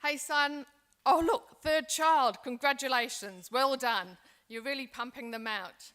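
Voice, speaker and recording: This is an aging migrant mother calling her grown children abroad, acted by a woman. Her voice sits high and bright with a tense edge. She talks in a warm, chatty, affectionate way. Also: a little slow, clean tone. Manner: chatty, affectionate, talking on the phone. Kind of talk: acted role-play in a seminar.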